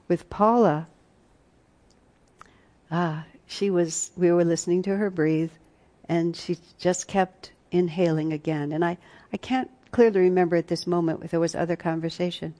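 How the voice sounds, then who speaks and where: Woman, retreat teacher; low, warm voice; earnest, reflective storyteller. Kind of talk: spiritual teaching talk with personal stories.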